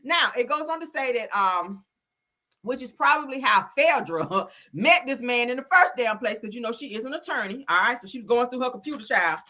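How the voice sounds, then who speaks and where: A woman hosts a celebrity gossip stream with a sassy, chatty delivery. Her voice is bright and fairly high, swinging widely in pitch as she acts out what people said. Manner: swears freely, chatty slang. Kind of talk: casual commentary.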